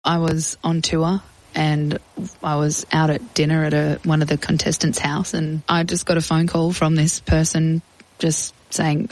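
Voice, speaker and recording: Low creaky woman telling her story. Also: level tone, a little slow, poor audio. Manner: chatty, acts out quoted voices. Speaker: interview guest. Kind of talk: casual storytelling.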